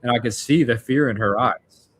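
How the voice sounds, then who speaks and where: A male vlogger answers viewer questions with a casual storytelling monologue, rambling reflectively through personal stories full of fillers and restarts. His medium-pitched voice is a bit bright and slightly rough, at a moderate pace.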